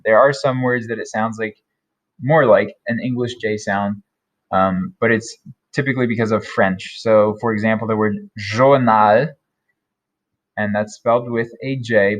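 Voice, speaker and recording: A man teaching German vocabulary, repeating each word slowly and carefully. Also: medium pitch. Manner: slow, careful modeling of German words. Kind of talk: vocabulary lesson.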